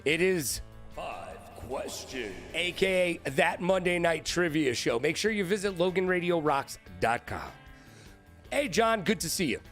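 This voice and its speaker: A man hosting a live-streamed trivia show, hyped and playful, shouting out viewers by name. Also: a little high, big pitch swings, a little slow, faint music behind.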